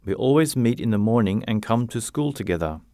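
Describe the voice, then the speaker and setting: A man's voice: lowish voice, expressive, brisk, mellow, dry recording, lightly acted. A matter-of-fact teenage schoolboy explaining things plainly, as a man reads him. It is close to the reader's own voice, with a dry, close sound. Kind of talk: graded-reader story narration.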